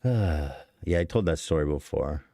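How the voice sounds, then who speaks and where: A man with a low, deep voice tells a confessional story on a podcast. He rambles, swears freely and cuts himself off mid-sentence. The sound is close and dry. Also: animated, moderate pace, gravelly, warm tone, no echo. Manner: rambling, profane, self-interrupting. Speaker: podcast host.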